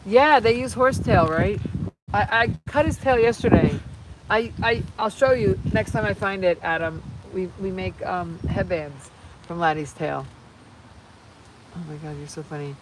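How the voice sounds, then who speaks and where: A woman's voice: mid-range voice, measured pace. A woman hosting a casual live stream outdoors, rambling and chatting while she reads viewer comments aloud. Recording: distant mic with faint background noise.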